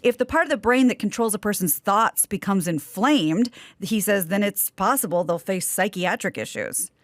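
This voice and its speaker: A woman co-hosts a podcast and reads news items in a brisk, chatty way, lightly amused. Her pitch is middling. The sound is close and dry. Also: animated, no echo. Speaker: news reader and co-host. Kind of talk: casual news reading and chat.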